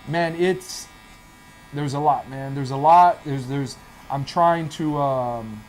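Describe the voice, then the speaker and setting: A man, a guest in a barbershop chair, casually telling a lively family story and acting out the voices in it. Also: medium pitch, slow pace, a little hiss or hum. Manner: animated, acts out family dialogue.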